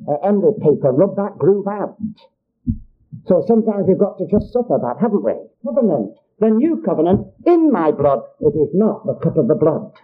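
A man's voice: on the high side, slightly rough. An older man preaching a sermon in an earnest, repetitive way, often calling his hearers child of God. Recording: dull lo-fi recording.

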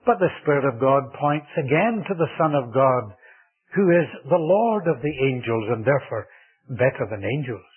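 A man preaching a sermon in a measured, deliberate way, drawing out key words for emphasis, with a husky voice. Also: mid-range voice, lively intonation. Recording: tinny phone-like old sermon tape.

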